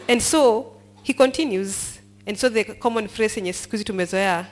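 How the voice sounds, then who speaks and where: A woman's voice: medium pitch, fairly quick. A woman leading a Bible study, reading verses aloud and quizzing the group as she explains them. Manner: mixes English and Swahili, asks the group questions and prompts them to finish lines.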